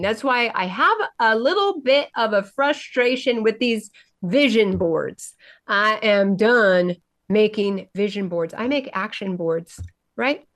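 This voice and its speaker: A woman's voice: mid-range voice, lively intonation, slow pace, fairly bright tone. A woman hosting a motivational podcast, talking passionately and emphatically and often asking "right?". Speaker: podcast host and coach. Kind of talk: motivational monologue.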